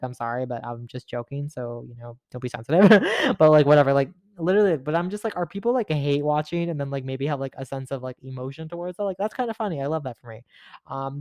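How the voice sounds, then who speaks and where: Teen guy podcast host, super casual, swears a lot, says like constantly, smooth voice, dry close mic. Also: medium pitch, darkish tone, no echo. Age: late teens. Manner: rambling, profane, filler-heavy, giggly. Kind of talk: casual solo podcast chat.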